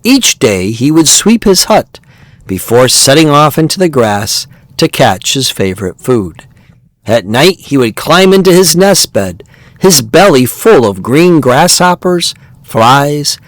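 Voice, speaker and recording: Slow, expressive man narrating a story. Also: medium pitch, no echo. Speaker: podcast host.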